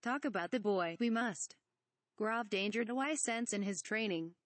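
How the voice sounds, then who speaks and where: Using a natural, medium-pitched voice at moderate pace, the woman performs the teasing little old swamp creature with his back-to-front word order. She's reading from a fan parody script, recorded with no room sound.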